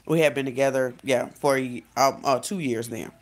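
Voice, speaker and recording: A woman life coach talking straight to her viewers in a casual vlog, chatty and animated, often saying "literally" and "y'all". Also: very deep voice, moderate pace. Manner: frequent "literally" and self-corrections.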